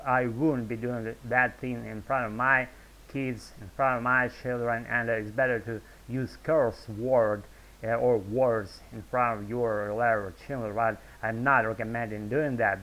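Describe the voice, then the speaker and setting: A man's voice: medium pitch, a bit bright, rough recording. A man with a Russian accent, a video blogger talking off the cuff in a rambling, hesitant way, full of fillers and restarts, and he swears freely. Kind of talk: unscripted off-the-cuff monologue.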